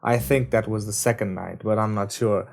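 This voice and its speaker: A man reading aloud voices a sardonic young man who jokes and mocks, his voice pushed a bit higher and louder than the narration. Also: fairly even intonation, normal speed, vocal fry. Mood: somber. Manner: sarcastic, joking, louder and higher. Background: guitar music.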